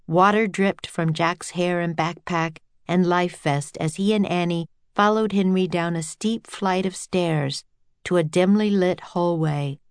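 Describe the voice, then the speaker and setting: A woman narrating a children's adventure audiobook in a clear storytelling voice. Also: fairly low pitch, a little mellow, no echo.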